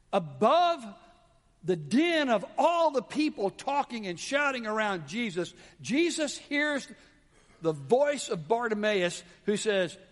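A male pastor with a high voice preaches dramatically, sinking to hushed lows and then rising to emphatic calls. A long reverb carries his words, as if in a large church hall.

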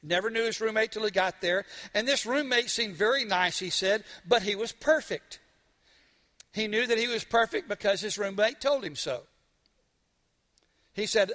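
A male preacher with a high, bright and forceful voice delivers a storytelling sermon. He drives his points home with emphasis and drops to a hush at times. He asks the congregation questions as he goes. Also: moderate pace, big-room sound. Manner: emphatic, swings from loud to hushed.

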